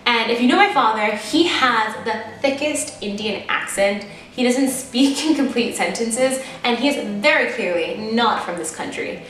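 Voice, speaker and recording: A woman's voice: on the high side, normal speed, a bit bright, distant mic. A woman in her twenties with an American accent, telling a personal story to camera in a candid, chatty, self-deprecating way. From United States. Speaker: vlogger. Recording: echoey room, voice off-mic, faint music. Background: faint background music.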